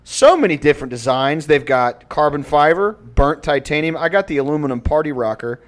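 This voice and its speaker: A man's voice: fairly high pitch, lively intonation, brisk. A young man co-hosting a podcast, chatting loosely and profanely, joking through an ad read. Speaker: podcast co-host. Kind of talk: casual podcast chat with ad read.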